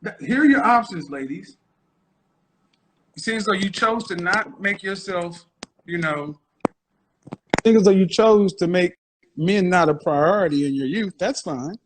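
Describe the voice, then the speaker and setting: A man's voice: high voice, unhurried, long pauses. A man hosting a live stream, lecturing and teasing his audience in a provocative, mocking way. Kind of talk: casual live-stream monologue. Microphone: phone.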